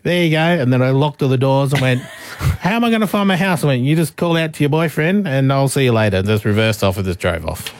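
A man's voice: medium pitch, brisk, slight background noise. A man hosting a radio show, telling a story in casual chat. He laughs often and acts out the people he quotes. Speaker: radio host.

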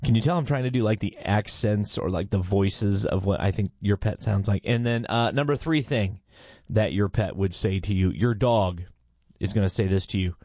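A man with a fairly low, dark voice hosts a morning radio show, speaking at a moderate pace in a clean studio recording with no echo. His casual chat is playful and rambling, and he keeps poking fun at himself.

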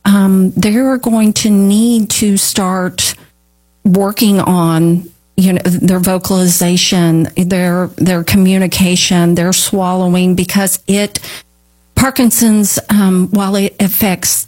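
A woman from a therapy company answering interview questions in a measured, explanatory way, with frequent ums and restarts. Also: mid-range voice, darkish tone.

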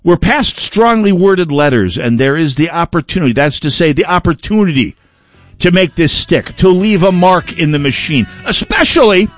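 A man's voice: a little high, animated, moderate pace, no echo. A man hosting a political talk radio show, delivering a sardonic, digressive monologue into a close studio mic.

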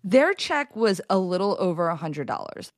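A woman telling a personal story in an interview, animated and halting, acting out what people said. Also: on the low side, no room sound, studio quality. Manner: animated, halting with restarts, acts out quotes. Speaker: storyteller guest.

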